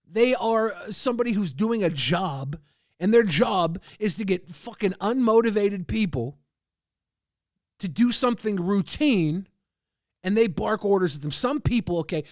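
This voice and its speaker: A man streaming casually, reading and answering chat in a loud, profane, combative rant. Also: sits high, dry recording, clean studio sound.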